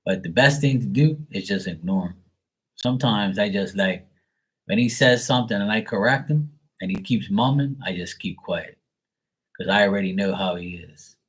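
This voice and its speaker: A man's voice: fairly low pitch, moderate pace, breathy edge. A man chatting casually on a live stream, telling family stories in a blunt, profane, rambling way. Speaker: live stream tarot reader. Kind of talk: casual storytelling chat.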